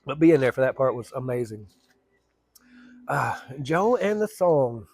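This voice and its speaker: A man casually telling a long story, rambling and colloquial, with rough language. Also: medium pitch, very animated, measured pace, darkish tone.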